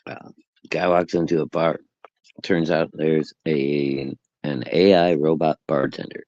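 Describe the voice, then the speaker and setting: A man's voice: a bass voice, steady tone, unhurried, darkish tone, dry recording, highs cut off. A man co-hosting a casual livestream chat, joking and teasing. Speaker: co-host.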